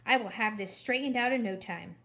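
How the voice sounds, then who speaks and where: A woman voicing a stern, prim older woman who hates frivolity, in crisp, clipped, indignant tones. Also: a little high, a little fast, bright, forceful tone.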